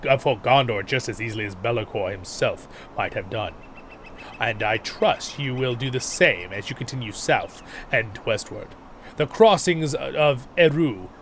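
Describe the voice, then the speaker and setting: A man's voice: medium pitch, a bit bright, a little hiss or hum, lightly acted, rough recording. A man voicing a grim, weathered male guardsman in a fantasy game, with a stuffed-up nose. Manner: grim and measured.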